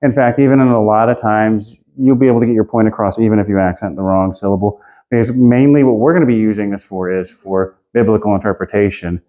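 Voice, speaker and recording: A man's voice: fairly low pitch, steady tone, quick pace, narrow, tinny audio. A man teaching an informal Greek class, chatty and loose, laughing and hunting for his notes as he goes.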